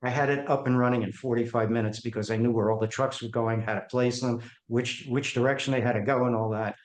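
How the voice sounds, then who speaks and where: His pitch is medium and his delivery fast as this podcast guest spins animated tales from his career, voicing each character himself. The interview audio carries noticeable echo.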